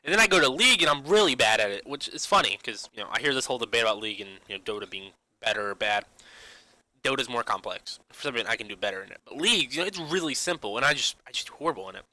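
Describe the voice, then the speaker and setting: A young man rattles on at a fast clip in a very bright, sharp-edged voice, stuffing "you know" into almost every phrase. His loose, rambling rant is full of restarts and casual swearing. The sound is dry and close, with no room around it. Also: mid-range voice, animated, no echo, low-quality recording. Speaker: gaming vlogger.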